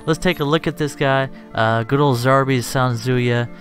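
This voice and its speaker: A man's voice: medium pitch, steady tone, normal speed. A man giving casual, joking, self-deprecating commentary as he plays a strategy game and thinks aloud. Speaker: let's play streamer. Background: game music.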